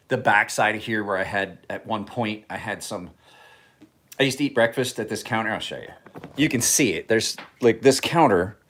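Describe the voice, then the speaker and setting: A knife sharpener hosts a livestream from his home kitchen, chatting casually, rambling and joking. His voice is low and a bit bright.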